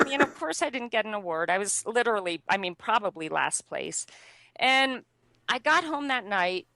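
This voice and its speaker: A young adult woman, a guest, telling a personal story in an animated way, laughing often and using many fillers. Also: medium pitch, moderate pace, a little hiss or hum. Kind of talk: conversational storytelling.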